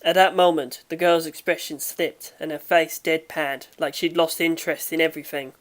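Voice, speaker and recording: A woman narrating a fan audiobook in a steady, measured reading. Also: low-pitched.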